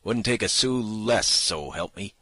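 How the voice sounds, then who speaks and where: A man voicing a rough, gruff kidnapper who grumbles about his pay in an audiobook reading. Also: fairly low pitch, expressive, a little slow, bright, forceful tone, dry recording, pitched above the performer's own voice, full character voice. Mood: grumbling.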